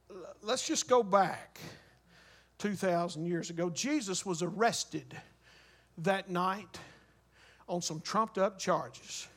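A man's voice: very high voice, a bit bright. A man preaching a sermon, vivid and graphic, building intensity with repeated rhetorical questions.

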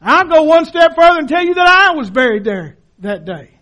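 A man preaching a sermon as pastor, dramatic and impassioned, dropping to a hush and then rising to shouts. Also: extremely high pitch, sing-song, moderate pace. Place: church sanctuary.

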